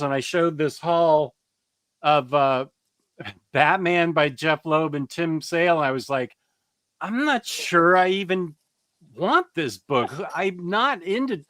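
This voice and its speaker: A man hosting a relaxed comics chat who tells his stories with dry humor. His voice sits a little high, and the close, dry recording keeps it intimate. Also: no room sound. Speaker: comics show host. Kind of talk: casual chat.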